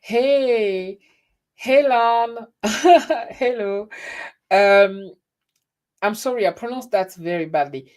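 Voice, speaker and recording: A French woman with a French accent hosts a casual webcam livestream, greeting viewers by name and often restarting her sentences. Her mid-range, darkish voice is extremely slow, with frequent pauses.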